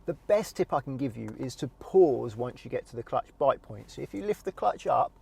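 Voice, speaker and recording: Calm man with a gravelly voice. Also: mid-range voice, normal speed. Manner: calm step-by-step explaining. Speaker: driving instructor. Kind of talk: in-car tutorial demonstration. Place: inside a car.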